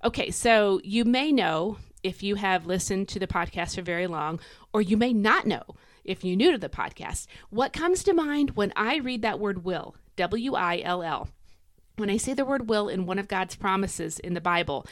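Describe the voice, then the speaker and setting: A woman hosting a devotional podcast, chatty and emphatic, swinging her pitch up and down to stress words. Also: expressive, moderate pace, dry recording, clean studio sound. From United States. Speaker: podcast host.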